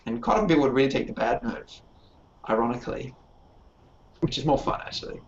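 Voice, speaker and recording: Gravelly-voiced man in a casual panel. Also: medium pitch, lively intonation, fast talker, noisy background. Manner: enthusiastic, storytelling, rambling. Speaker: game designer, podcast panelist. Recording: dull lo-fi recording.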